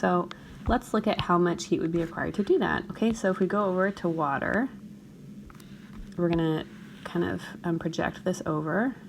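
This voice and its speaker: A woman's voice: lowish voice, moderate pace, noisy background. A woman teacher talking through a chemistry problem in a recorded screencast lecture, often checking in with her students. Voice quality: morning voice, a bit gravelly.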